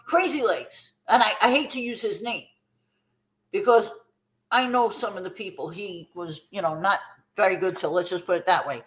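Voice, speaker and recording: A woman's voice: fairly high pitch, fairly bright tone, rough recording. A woman in her fifties, a former b-girl dancer, telling her story bluntly and emphatically as an interview guest, with free swearing.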